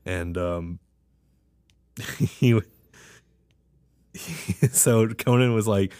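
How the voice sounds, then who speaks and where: A man's voice: lowish voice, very slow, pauses often, mellow, clear, resonant tone, dry recording. A man co-hosting a casual podcast, rambling and laughing as he retells a comedy sketch in quoted voices. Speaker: podcast co-host. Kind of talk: casual chat.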